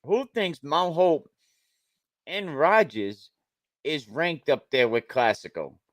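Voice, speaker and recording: A man's voice: a little high, very animated, slow pace, dry recording. A man hosting a casual sports talk over a call, speaking bluntly and repeating himself as he argues. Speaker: show host.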